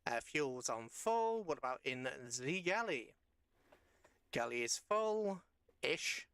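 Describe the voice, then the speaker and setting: A tired man casually commenting as he plays a submarine game live, rambling and correcting himself with playful jumps in pitch. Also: very animated, slow, a bit bright, smooth, no room sound. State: tired after a long rough day. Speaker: streamer playing a submarine game.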